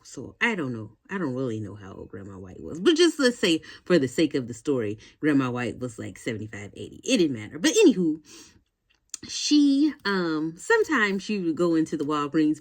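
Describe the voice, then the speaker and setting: A woman in her forties telling a casual, rambling story to her vlog audience, full of fillers and asides. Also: on the low side. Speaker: vlogger.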